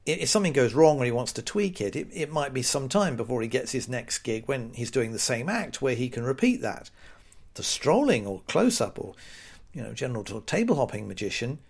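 A British man hosts a solo podcast in a chatty, wry manner. His pitch rises and falls a lot as he mocks everyday phrases in put-on voices. His voice sits in the middle range for a man. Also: gravelly, breathy edge. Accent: British English. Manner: wry, sarcastic, chatty with mock-quoted voices. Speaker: podcast host. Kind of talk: casual solo podcast monologue.

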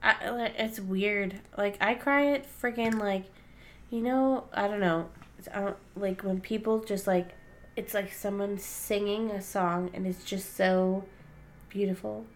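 A woman's voice: mid-range voice, fairly even intonation, a little slow, a little hiss or hum. A woman co-hosting a podcast in casual chat, easygoing and rambling with many fillers. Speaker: podcast co-host.

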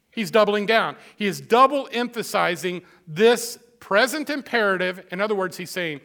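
A man's voice: high voice, animated, normal speed, hardly any pauses, bright, forceful tone. A man preaching a sermon as pastor, emphatic and repetitive, with casual asides to his congregation. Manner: emphatic, repeats phrases for stress.

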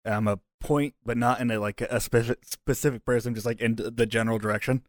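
Man, tabletop player, casual rambling talk, middle pitch, dry close sound. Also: fairly even intonation, fairly quick, no echo. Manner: loose, rambling, laughs, swears.

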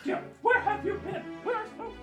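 A man's voice: extremely high pitch, animated, brisk, music in the background, pitched above the performer's own voice. A man voicing a fussy elderly hostess who keeps calling people "dear". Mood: prim, fussy. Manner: genteel and fussy, saying "dear".

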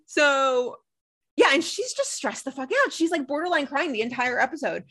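A young woman co-hosting a casual recap chat, telling the story with lively acted-out quotes. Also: sits high, moderate pace. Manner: animated storytelling, acts out quotes. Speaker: podcast co-host.

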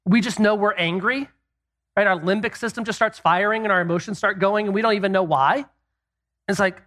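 A man giving a relaxed Christian teaching on marriage, speaking conversationally with many rhetorical questions and casual asides. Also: sits high, moderate pace.

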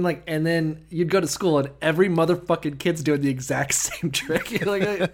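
A man's voice: on the high side, fairly quick, few pauses. A man co-hosting a casual podcast, swearing freely and acting out the people in his stories. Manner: profane, acts out quoted voices. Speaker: podcast co-host. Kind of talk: casual irreverent chat.

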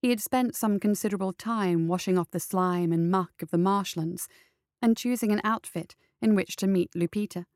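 A woman reading a story aloud in steady scripted narration. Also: medium pitch, moderate pace, no echo, studio quality. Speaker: audiobook narrator.

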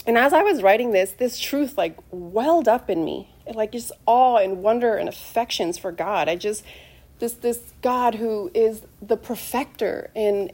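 A middle-aged woman preaches a sermon in a heartfelt, emotional and conversational manner, calling on the congregation to answer amen. Her voice is a little high with a darkish tone.

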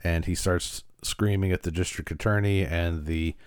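A man's voice: deep voice, steady tone, normal speed, clean tone, dry recording, studio quality. A man hosting a podcast, casually recapping an episode with frequent fillers and restarts. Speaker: podcast host.

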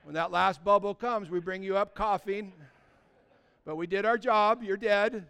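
A man's voice: high-pitched, steady tone, a little slow, creaky, fairly bright tone, smooth. A male pastor preaching a sermon, emphatic and storytelling, building his points through repeated phrases.

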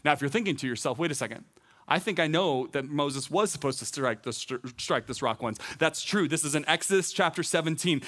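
A man's voice: on the high side, animated, a little fast, fairly bright tone. A man, a teaching pastor, preaching a sermon in an earnest, conversational way, repeating phrases for emphasis.

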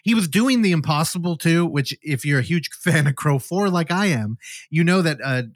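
A man's voice: fairly high pitch, normal speed, no echo, studio quality. A man co-hosting a movie podcast, recapping a film with casual swearing and acting out scenes in mock voices. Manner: profane, animated, acts out scenes in silly voices. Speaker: podcast co-host. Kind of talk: casual movie review chat.

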